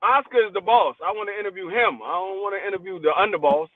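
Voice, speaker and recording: High-voiced man on a tinny line. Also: fast talker, no echo. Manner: joking, stammers and restarts. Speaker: podcast co-host. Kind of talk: casual boxing chat.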